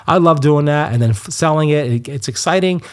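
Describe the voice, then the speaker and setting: A man hosting a solo podcast, chatty and animated, who often restarts his sentences and gets worked up when he rants. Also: on the high side, brisk. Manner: chatty, restarts a lot, gets fired up ranting. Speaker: podcast host.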